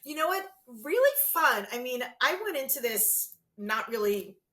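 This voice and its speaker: A middle-aged woman talking as a guest in a casual interview, lively and theatrical, acting out what people said to her. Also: high voice, unhurried. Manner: animated, acts out quotes in big voices.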